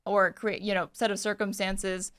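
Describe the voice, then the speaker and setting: A woman's voice: mid-range voice, level tone, moderate pace, a bit bright, clean tone. A woman guest on a podcast, debating and pressing her case with probing hypothetical questions. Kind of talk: heated debate.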